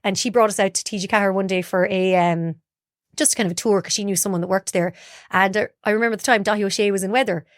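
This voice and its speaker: A fast-talking woman from Galway, Ireland, with a medium-pitched, fairly even voice guests on a casual storytelling interview in a dry studio recording. A broadcaster, she chats about her life and voices the quoted dialogue herself.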